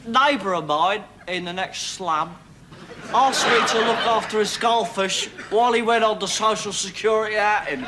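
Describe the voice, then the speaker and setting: A man's voice: sits high, normal speed, heavy background noise, close to an everyday voice. A man playing a crude cockney punk who tells gags, brash and cackling, in a sketch comedy monologue.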